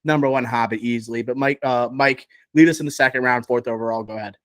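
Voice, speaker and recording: A man's voice: medium pitch, fairly even intonation, fast talker, no echo. A man hosting a casual podcast, talking about films with enthusiasm and a rambling, emotional way of speaking. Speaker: podcast host. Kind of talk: casual movie chat.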